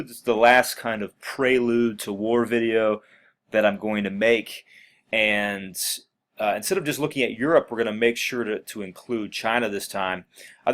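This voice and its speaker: A man teaching a recorded history lesson while scrolling through notes, talking casually with many fillers and restarts. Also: medium pitch. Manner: casual, filler-heavy, self-correcting. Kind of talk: recorded classroom lecture.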